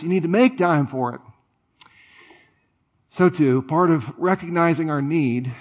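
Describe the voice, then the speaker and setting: A man preaching a sermon in a conversational way, with playful, animated asides. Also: on the high side, muffled recording. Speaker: pastor.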